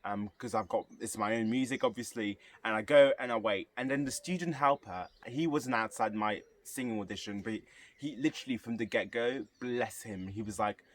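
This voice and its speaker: A man's voice: lowish voice, normal speed. A young man, casually telling a story to camera and acting out the voices of the people in it. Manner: animated, acts out quoted voices. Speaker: vlogger.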